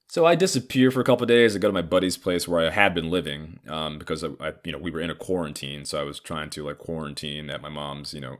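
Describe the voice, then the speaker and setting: A man's voice: extremely low pitch, fairly bright tone. A man in his thirties telling a personal story in a casual, heated and profane way. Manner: profane, heated, acts out others' lines.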